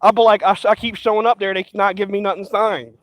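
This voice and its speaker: High-voiced man ranting with heavy cursing. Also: level tone, fast talker, fairly bright tone, no room sound, rough recording. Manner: profane, agitated, repetitive. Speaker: vlogger. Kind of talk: rambling ranting monologue.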